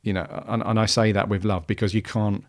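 A man's voice: lowish voice, flat delivery, brisk. A man hosting a podcast, talking casually and rambling with many restarts and fillers. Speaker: podcast host.

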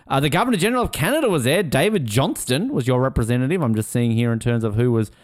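A man co-hosting a podcast, chatting casually, excitable and sweary, acting out quotes in funny voices. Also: medium pitch, fast talker, dry recording, studio quality. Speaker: podcast co-host. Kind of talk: casual chat.

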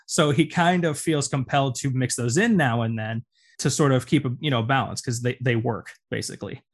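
A man's voice: medium pitch, a little fast. Male podcast co-host, mid-range voice, casual and enthusiastic, rambling delivery. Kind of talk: casual chat.

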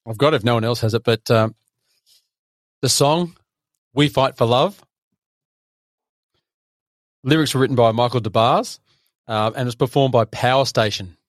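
A man co-hosting a film review podcast, relaxed and sharing trivia. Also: medium pitch, normal speed, pauses often, no echo, studio quality. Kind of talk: casual film review chat.

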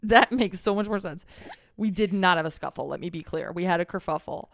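A young adult woman co-hosting a podcast, telling a personal story in a relaxed, earnest way. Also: on the low side, a little fast, no room sound, studio quality. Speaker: podcast co-host. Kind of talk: casual chat.

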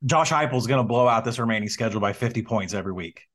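A man's voice: mid-range voice, expressive, very fast, a bit bright. A man from Arkansas co-hosting a casual sports betting podcast, upbeat and joking. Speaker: podcast co-host.

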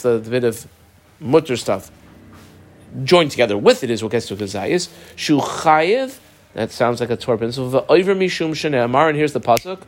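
A man teaching a Talmud class, reading the Aramaic aloud and explaining it step by step, with a yeshiva-style pronunciation of Hebrew words. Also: medium pitch. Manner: explains term by term, reads Aramaic then translates; uses Yiddish-influenced yeshiva pronunciation of Hebrew.

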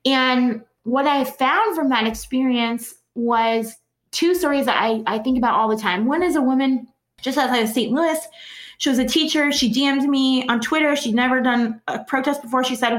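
High-voiced woman telling organizing stories. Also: moderate pace, reverberant. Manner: animated, laughs often while telling stories. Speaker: guest, organizer. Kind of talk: conversational storytelling.

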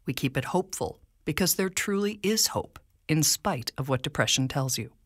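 A woman co-hosting a podcast, narrating scripted segments in an expressive storytelling manner. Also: low voice, moderate pace, breathy edge, dry recording, studio quality. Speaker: podcast co-host.

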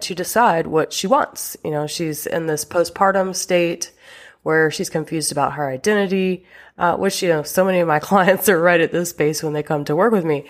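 A woman hosting her own podcast as a relationship coach, talking frankly and chattily, with casual swearing. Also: low-pitched. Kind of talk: casual solo podcast talk.

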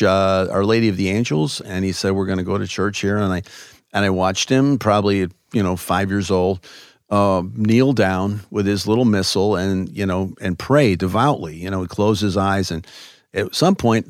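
A man from Chicago, a guest in an interview, telling stories in a loose, animated way with many fillers. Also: fairly low pitch, no echo, studio quality. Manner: animated, lots of "you know" fillers. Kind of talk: conversational interview storytelling.

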